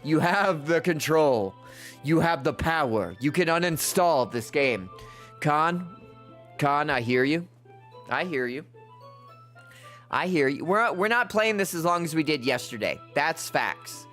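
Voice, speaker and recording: A man's voice: a little high, animated, unhurried, fairly bright tone, faint music behind. A male streamer doing live gameplay commentary in exasperated, profane, mocking rants, rambling through stories with restarts.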